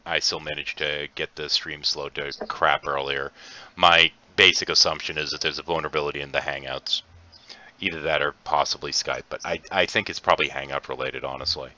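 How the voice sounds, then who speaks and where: A man's voice: a bass voice, sharp tone, slight background noise. A man hosting a casual group call on a stream, talking through technical matters and laughing often. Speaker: stream host. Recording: dull lo-fi stream audio.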